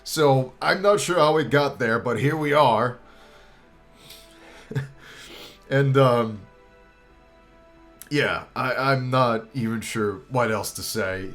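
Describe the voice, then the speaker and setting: A man's voice: mid-range voice, a bit bright. Young man choked up saying goodbye. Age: young adult. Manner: emotional, halting, restarts and pauses, swears casually. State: choked up, near tears. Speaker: YouTuber. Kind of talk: heartfelt farewell talk to viewers.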